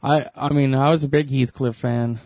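A man's voice: medium pitch, fairly even intonation, moderate pace, darkish tone, no echo. Hesitant man chatting casually. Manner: hesitant, full of fillers. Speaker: podcast co-host. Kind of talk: casual chat.

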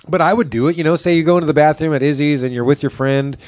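A man's voice: fairly high pitch, brisk, a little mellow, no echo. A man telling long rambling anecdotes in casual chat, swearing and saying "like" a lot.

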